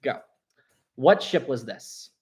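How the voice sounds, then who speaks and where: A young man hosting a live stream, chatty and animated as he runs a quiz for his chat. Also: medium pitch, slow. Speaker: livestream host.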